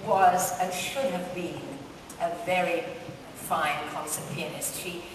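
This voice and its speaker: A woman's voice: fairly low pitch, fairly even intonation, slow, noisy background. Older woman in an echoey hall. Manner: amused, self-deprecating, laughs often. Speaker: interview guest. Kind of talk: anecdotal storytelling at a live interview. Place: large hall at a book festival with an audience. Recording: distant, echoey hall recording.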